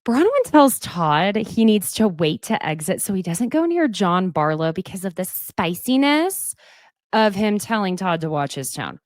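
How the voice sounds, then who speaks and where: A woman's voice: mid-range voice, sing-song, measured pace, dry recording. A woman hosting a casual TV recap, chatty and sassy with emotional asides, speaking close to the mic. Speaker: reality TV recap host.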